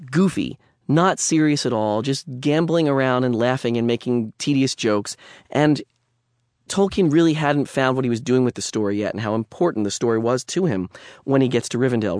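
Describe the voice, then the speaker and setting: A man's voice: medium pitch, a little mellow, dry recording, studio quality. A man lecturing on literature in a conversational way, with digressions and wry asides.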